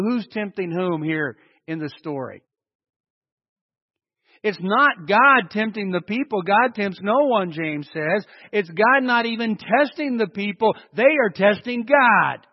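A man preaching a sermon in a large church hall, animated and full of rhetorical questions. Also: sits high. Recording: dull lo-fi with long hall reverb.

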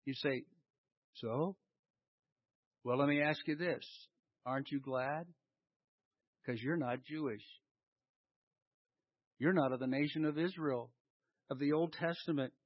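A man's voice: on the high side, a little slow, long pauses, dry recording. A man preaching a sermon, quizzing his listeners with questions and answering them himself. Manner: animated, asks the congregation questions and answers them. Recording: dull lo-fi recording.

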